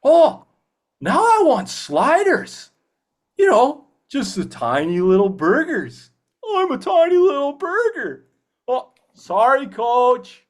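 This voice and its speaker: A man voicing a cheerful, dim teenage jock from a cartoon, with loud, goofy, drawn-out line reads. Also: very high-pitched, huge pitch swings, pitched above the performer's own voice, exaggerated voice. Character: upbeat dim jock teen boy.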